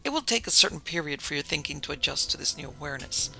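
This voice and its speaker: Guy doing a nasty surgeon, curt and threatening, super gravelly. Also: on the high side, lively intonation, fast talker, bright, forceful tone, heavily acted, rough recording. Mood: menacing. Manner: curt and menacing. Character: rancorous male surgeon in a sinister order.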